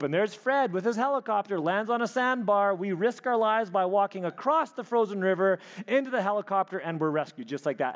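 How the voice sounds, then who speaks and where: A man preaching a sermon, telling a personal story with animated delivery and frequent restarts. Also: high-pitched, brisk, lo-fi sound. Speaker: pastor. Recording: hall reverb.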